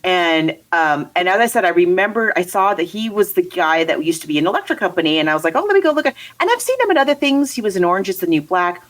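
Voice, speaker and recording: A woman's voice: lowish voice, animated, quick pace, hardly any pauses, rough recording. A woman co-hosting a casual movie review chat, rambling and laughing as she talks. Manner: chatty, rambling, laughs often. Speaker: podcast co-host.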